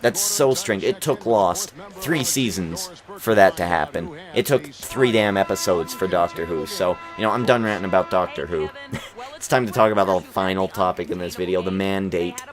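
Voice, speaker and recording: A man's voice: sits low, normal speed, faint music behind. A young man hosting a gaming video, chatting casually and rambling with lots of fillers and restarts. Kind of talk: casual chat over gameplay. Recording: crowd noise from the game behind. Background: basketball game crowd.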